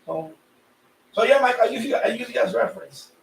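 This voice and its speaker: Chatty high-voiced man in an echoey room. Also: expressive, a little fast, vocal fry, slight background noise. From Puerto Rican family, raised in New York. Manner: rambling, chatty, repeats himself. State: sweaty from the heat. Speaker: radio hobby live streamer. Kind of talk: casual live-stream chat. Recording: echoey room, voice a bit far off.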